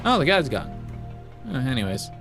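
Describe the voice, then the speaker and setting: A man's voice: mid-range voice, big pitch swings, normal speed, gravelly, music in the background. A man hosting a let's play, chatting in a rambling, playful way with many fillers. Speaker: gaming channel host.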